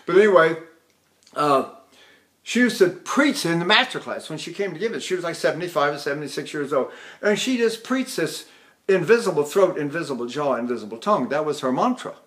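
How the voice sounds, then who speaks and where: Older male voice teacher, high-pitched speaking voice. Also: animated, fairly quick, a bit bright. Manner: chatty and anecdotal, breaks into sung opera demonstrations; addresses students directly with frequent "see?". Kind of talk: recorded lecture on vocal technique.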